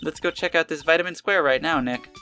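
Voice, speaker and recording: A man's voice: on the high side, quick pace, pushed and bright, faint music behind, pitched above the performer's own voice. A man doing a perky young woman. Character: cheerful young woman, eager sidekick.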